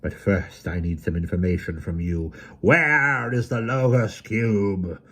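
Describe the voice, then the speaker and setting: A man voicing a vengeful evil sorcerer overlord with a harsh, grating, slow and gloating voice. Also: fairly low pitch, expressive, fairly bright tone, pitched above the performer's own voice, heavily acted.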